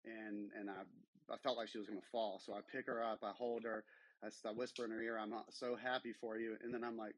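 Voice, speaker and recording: A man's voice: medium pitch, fairly even intonation, quick pace, no echo, rough recording. A man giving an earnest, emotional personal testimony to a faith-based chat room, with many fillers. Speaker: caller sharing a testimony.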